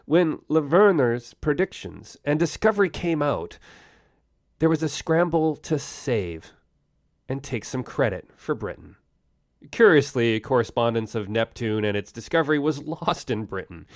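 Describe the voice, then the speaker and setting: A man narrates science history for his own podcast. He talks in a relaxed, conversational way, throws in wry jokes and quick asides, and his pitch rises and falls a lot. The recording is dry and close, with no room sound. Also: no echo. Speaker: podcast host.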